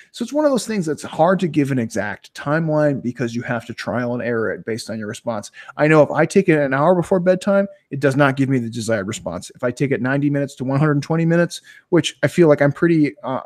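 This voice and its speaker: A man co-hosting a casual webinar chat, animated and swearing freely. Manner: animated, swears freely, pitch jumps high when making a point. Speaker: co-host.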